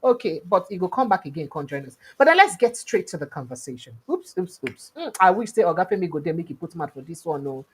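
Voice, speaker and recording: A woman from Nigeria hosting a political talk show, speaking in Nigerian Pidgin and English, with animated commentary and lots of rhetorical questions. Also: lowish voice, fast talker, few pauses, breathy edge. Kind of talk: lively news commentary.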